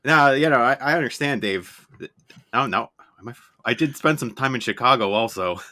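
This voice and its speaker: A man's voice: mid-range voice, animated, moderate pace, bright, forceful tone. Hesitant man role-playing in character. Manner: hesitant, rambling, full of fillers. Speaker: player. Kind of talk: in-character improv role-play.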